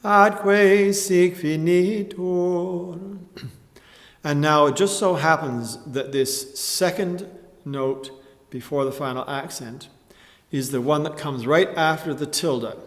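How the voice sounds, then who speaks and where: A man teaching a chant tutorial, explaining slowly and carefully and often clearing his throat. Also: medium pitch, a bit bright, in a large hall. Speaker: music teacher.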